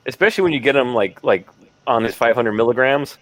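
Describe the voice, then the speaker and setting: A man's voice: mid-range voice, expressive, fast talker. A man chatting casually with friends, rambling with many restarts. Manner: rambling, lots of likes and restarts. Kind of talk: casual group chat.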